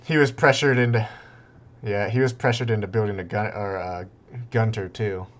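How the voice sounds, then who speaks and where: A young man casting a strategy game tournament in a loose, rambling way, breaking into excited outbursts and laughter. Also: fairly low pitch, moderate pace. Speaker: tournament caster. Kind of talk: casual game commentary.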